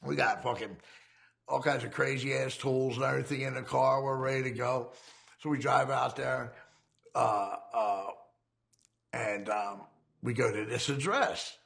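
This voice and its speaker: A man's voice: mid-range voice, fairly even intonation, unhurried, vocal fry, a bit bright. A man casually telling a rambling, profane story about his criminal past, laughing now and then.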